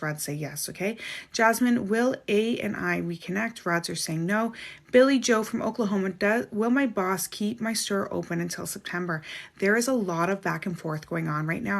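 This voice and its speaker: A woman's voice: on the low side, creaky. A woman working as a psychic medium in a casual live stream, reading viewers' questions aloud and answering each one. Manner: chatty, quick to laugh, frequent "like".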